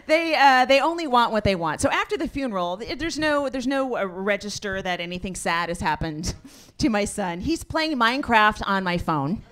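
A middle-aged woman performing a stand-up comedy set, deadpan and punchy, building to loud exasperated outbursts. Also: mid-range voice, moderate pace, hardly any pauses. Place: comedy stage before a laughing audience. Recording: live audience laughter throughout.

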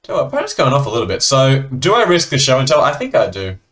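A man's voice: medium pitch, wildly swooping pitch, fast talker, fairly bright tone. An Australian man chatting casually and laughing between remarks as he comments on a card game he is playing.

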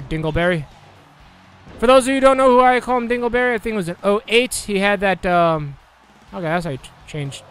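Young man, rowdy gameplay commentary, crude jokes, lively swooping pitch, bright tone. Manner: excitable, crude jokes, yelling at the game. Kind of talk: casual let's play commentary.

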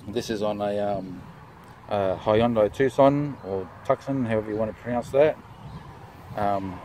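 A man with a fairly low voice talks through a car repair step by step, relaxed and unhurried, with many "uh" fillers. His voice drops quieter when his hands are busy. A faint hiss of noise sits under the voice. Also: rough recording. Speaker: DIY car mechanic. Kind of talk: casual how-to commentary.

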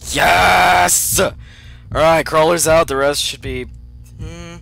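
A young man commentating his own gameplay, muttering to himself and then breaking into excited yelps. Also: on the high side, measured pace, soft background music. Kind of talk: let's play commentary.

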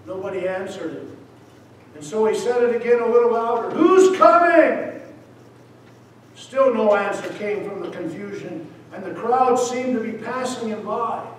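A man, a missionary preacher, giving an impassioned sermon that swings between loud appeals and hushed words. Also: high-pitched, normal speed, slight background noise. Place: church sanctuary. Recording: echoey hall, voice from far off.

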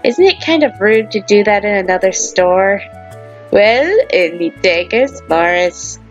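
Woman playing a farming game, teasing and playful, super animated, lo-fi mic with faint music. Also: mid-range voice, normal speed. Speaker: gamer, let's player. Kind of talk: game commentary. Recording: slightly dull lo-fi audio.

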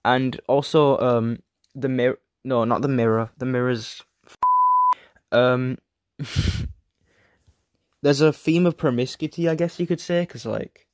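Guy with a sore throat reading his review script kinda flat, keeps tripping and restarting, dry close sound. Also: mid-range voice, dry recording. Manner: reads flatly from a script, often trails off and restarts. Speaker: video reviewer.

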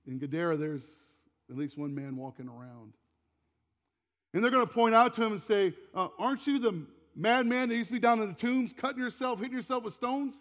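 A pastor in his forties preaches, his voice sitting high for a man as he tells a story and swings from hushed asides to forceful calls. The sound is dull and carries a long reverb from the church hall around him. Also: brisk. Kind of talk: sermon. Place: church sanctuary.

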